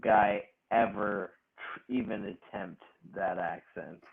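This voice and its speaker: A man with a gravelly, husky voice talks wrestling in an unhurried, profane ramble. The sound is tinny, like a phone line. He laughs often while he talks. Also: deep voice. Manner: profane, animated, laughing rants. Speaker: podcast co-host. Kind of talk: casual wrestling chat.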